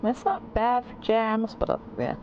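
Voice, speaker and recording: A woman's voice: on the high side, very animated, unhurried, lo-fi sound, slight background noise. A woman streamer chatting casually and rambling about her day while she plays a game at home. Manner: rambling, chatty, self-correcting. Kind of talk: casual gameplay chat. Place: home computer room.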